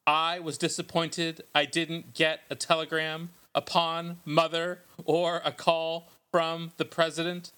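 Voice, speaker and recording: A man voicing a pretentious poet at a reading, in a slow, solemn sing-song cadence. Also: a little high, sharp tone, smooth.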